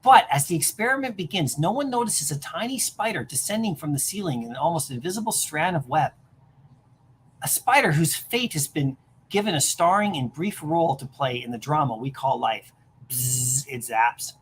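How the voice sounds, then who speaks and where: A woman streamer reading a comic aloud on a livestream, animated, with chatty asides. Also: low-pitched, moderate pace, a little hiss or hum.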